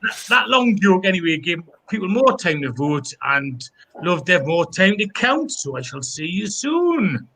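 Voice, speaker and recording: A man co-hosting a casual online pun show, reading listener jokes aloud in a brisk, chuckling way. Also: high-pitched, sing-song, pushed and bright. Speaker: co-host reading listener puns.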